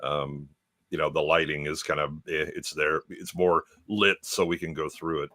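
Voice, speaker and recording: An American man with a very deep voice and a bright, forceful edge. He trades jokes and lays out explanations in casual podcast chat. The audio is dry and close. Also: little pitch movement, normal speed, no room sound. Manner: joking, explains at length.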